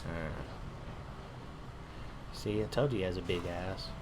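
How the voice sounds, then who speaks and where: A man's voice: low voice, unhurried, noisy background. Rambling man narrating his gameplay. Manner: rambling, casual, swears freely. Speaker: gamer. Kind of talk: casual gameplay commentary.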